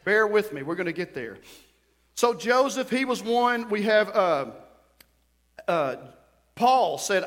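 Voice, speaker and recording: A middle-aged man preaching a sermon, telling stories in an animated way, with sudden bursts and drops. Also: high-pitched, unhurried. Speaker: pastor. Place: church sanctuary. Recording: reverberant church hall.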